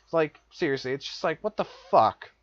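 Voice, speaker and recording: A man's voice: on the high side, animated, fairly quick, no room sound. A young man vlogger telling a personal story in a profane, repetitive, exasperated rant. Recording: dull lo-fi dry recording.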